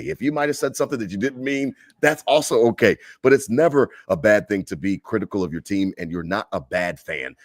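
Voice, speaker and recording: A man co-hosting a casual sports podcast, giving an animated, heated fan rant. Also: fairly low pitch, no room sound, studio quality. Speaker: podcast co-host.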